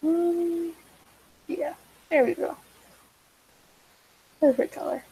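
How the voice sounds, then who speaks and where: A woman's voice: extremely high pitch, takes it slowly, dark tone, rough recording. A teenage girl chatting casually while drawing, rambling and awkward, full of fillers and restarts, self-deprecating. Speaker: digital artist vlogger. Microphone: desk mic.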